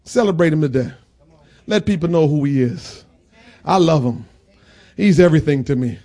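A man preaching a sermon in a church, swinging between shouted preaching and quiet talk. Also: a little high, moderate pace. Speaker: pastor. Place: church sanctuary.

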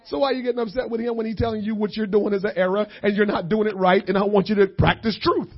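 High-voiced man preaching with fervor. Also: flat delivery, fast. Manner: impassioned, swings from hushed to shouting. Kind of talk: sermon. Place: church. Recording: dull lo-fi church recording.

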